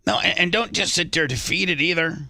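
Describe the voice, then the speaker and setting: A man's voice: fairly high pitch, fairly quick, creaky, pushed and bright, no room sound, studio quality. A male radio show host lecturing a co-host on air, defensive and full of restarts.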